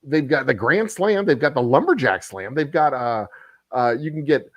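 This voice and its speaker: A man's voice: mid-range voice, lively intonation, moderate pace, fairly bright tone, no echo. A man hosting a casual livestream, telling a rambling, profane story with frequent chuckles. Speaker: distillery host.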